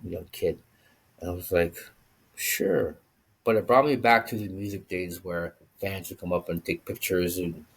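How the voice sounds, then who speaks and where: Husky-voiced man telling a story. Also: deep voice. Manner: animated, acts out quoted voices. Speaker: vlogger. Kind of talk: casual storytelling monologue.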